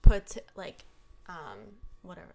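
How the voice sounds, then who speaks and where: A woman's voice: lowish voice, big pitch swings, slow, vocal fry, warm tone. A young woman co-hosting a podcast, telling a story in casual chat, full of "like" fillers and laughter. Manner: chatty storytelling, laughs often, many "like" fillers. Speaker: podcast co-host.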